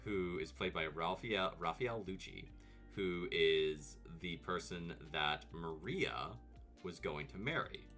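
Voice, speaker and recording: A man streaming comedic movie commentary, animated, profane and sarcastic. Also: deep voice, slow pace, soft background music.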